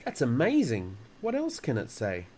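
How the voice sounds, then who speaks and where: A man's voice: medium pitch, huge pitch swings, moderate pace, darkish tone, breathy edge. A man voicing a clever, determined little girl in a storybook reading, speaking earnestly.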